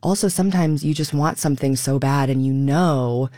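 A woman's voice: very deep voice, moderate pace, mellow, dry recording, clean studio sound. A woman in her thirties, a stage actor, talking expressively in a radio interview and acting out quoted asides.

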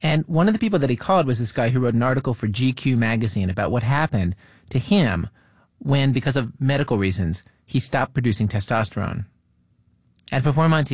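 A man's voice: medium pitch, darkish tone, no room sound, studio quality. A man hosting a radio show, narrating its opening in a conversational, wry way. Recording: music bed underneath.

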